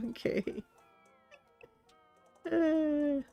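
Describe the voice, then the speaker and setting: Gravelly, slow-talking woman streamer. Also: high voice, animated, darkish tone, soft background music. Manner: chatty, giggly, talks to her viewers. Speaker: streamer, host. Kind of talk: relaxed gameplay commentary.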